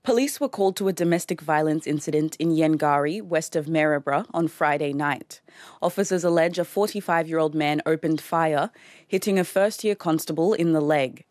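A reporter giving a news report in a steady, formal manner. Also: medium pitch, a little fast, no echo, studio quality.

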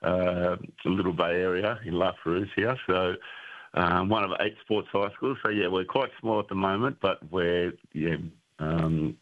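A man speaking as a guest over the phone, a school sports director, talking in a relaxed way full of ums and uhs. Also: low-pitched, unhurried. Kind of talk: phone interview. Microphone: phone line. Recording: tinny phone line.

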